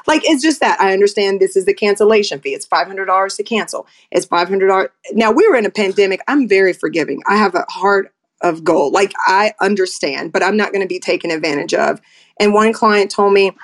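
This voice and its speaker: A woman's voice: mid-range voice, a little fast. An outspoken woman in her forties, a photographer chatting as a guest and acting out how she talks to clients. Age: 40s. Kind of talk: casual chat on a live audio room.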